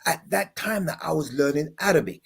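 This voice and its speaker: A man, a pastor guest on a panel, explaining in a halting conversational way with many restarts and sung demonstrations. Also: a little high, expressive, vocal fry, slightly rough.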